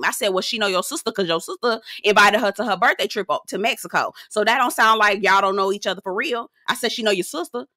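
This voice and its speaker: A sassy woman dishes on a reality show in a casual recap, laughing as she talks and calling her listener girl. Her voice is bright and swoops around a lot. The sound is dry and close. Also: mid-range voice, lively intonation, fast talker, few pauses, no room sound. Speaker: TV recap host.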